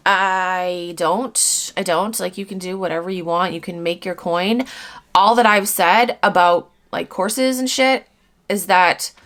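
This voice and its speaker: A woman's voice: fairly low pitch, fairly even intonation, a little slow, a bit bright. A woman in her thirties, an online reseller answering viewer comments in a casual to-camera vlog, talking bluntly and swearing casually. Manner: candid and blunt, swears casually, laughs between points.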